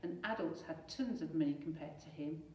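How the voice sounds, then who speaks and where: Woman, teacher, children's story read-aloud, lively, lowish voice, echoey room. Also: normal speed, recorded from a distance. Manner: lively, expressive reading. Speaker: primary school teacher. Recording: echoey room, away from mic.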